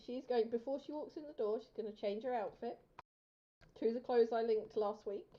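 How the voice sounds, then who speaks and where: A woman's voice: fairly high pitch, steady tone, normal speed, a little hiss or hum. A woman playing a tabletop game, describing her character's actions in a casual, hesitant way. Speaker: player. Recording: dull lo-fi sound.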